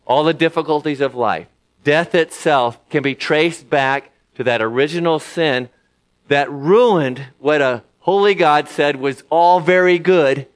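A man preaching a sermon in a conversational way, often pausing with fillers and restarting his sentences. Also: mid-range voice, clear, resonant tone. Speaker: pastor.

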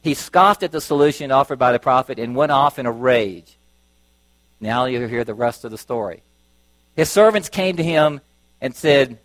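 A man's voice: medium pitch, normal speed, dry recording, poor audio. A middle-aged man preaching a sermon, telling stories and acting out voices as he goes. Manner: storytelling, acting out voices with lively shifts.

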